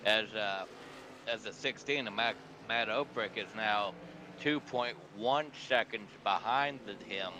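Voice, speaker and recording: A man as color commentator in a race broadcast, talking haltingly with many restarts. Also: lowish voice, background noise.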